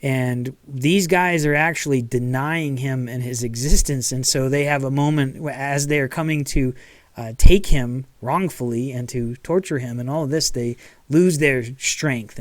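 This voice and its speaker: A man's voice: mid-range voice, moderate pace, no room sound. A man preaching a sermon as pastor in a casual, conversational way, checking in with "okay" and acting out quotes. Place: church.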